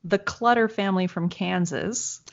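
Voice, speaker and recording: A woman with a fairly low voice tells a personal story in relaxed, conversational chat. She is animated, laughs now and then, and acts out the voices of people she quotes. The recording sounds dull and lo-fi. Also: normal speed, vocal fry.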